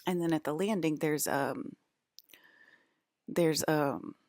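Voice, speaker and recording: A woman's voice: low-pitched, steady tone, slow pace, a little mellow, dry recording, studio quality. A woman rambling to her viewers in a loose monologue, full of restarts and sudden topic drifts. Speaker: broadcaster.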